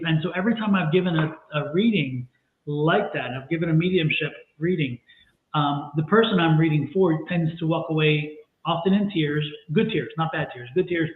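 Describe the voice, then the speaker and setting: A woman working as a psychic medium talks animatedly on a livestream, often circling back and repeating herself. Her voice comes through a narrow, tinny line, with a hollow, echoey room around it. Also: low voice. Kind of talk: livestream chat. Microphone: video call. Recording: tinny echoey call audio.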